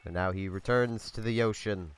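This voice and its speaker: Congested male let's player, meandering casual talk, low-ish pitch. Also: normal speed, smooth. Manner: chatty and meandering. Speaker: let's play host. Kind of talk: casual game commentary.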